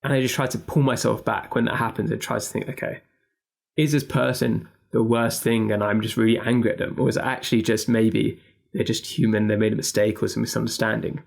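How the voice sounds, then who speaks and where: A man's voice: fairly low pitch, level tone, fairly quick, creaky. A man being interviewed as a guest, talking candidly and earnestly about honesty and struggle. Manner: open, earnest, reflective. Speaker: podcast guest, founder.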